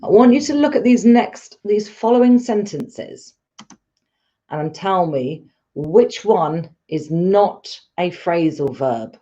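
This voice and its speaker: A woman's voice: on the low side, lively intonation, slow pace, dark tone, lo-fi sound. A woman teaching a live online English lesson, patient and encouraging as she explains step by step.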